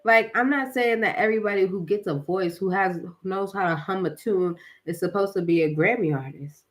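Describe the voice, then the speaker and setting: A woman's voice: medium pitch, brisk. A young woman, tired from a workout, hosting a casual spiritual livestream, rambling with lots of fillers and slang. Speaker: livestream host.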